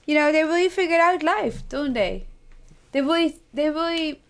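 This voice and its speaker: Higher-voiced woman chatting and joking. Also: moderate pace. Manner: chatty, joking, with a light laugh. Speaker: podcast co-host. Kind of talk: casual chat.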